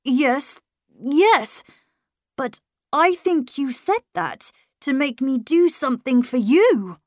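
A woman voicing a clever young boy who speaks in a smooth, polite way with a cold edge underneath. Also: high voice, sing-song, takes it slowly, dry recording, clean studio sound, voice pushed up, full character voice. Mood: guarded.

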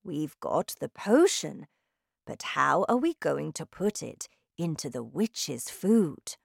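Woman as a gentle old grandmother. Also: deep voice, sing-song, takes it slowly, vocal fry, slightly rough, dry recording, studio quality, exaggerated voice. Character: kind, protective old grandmother.

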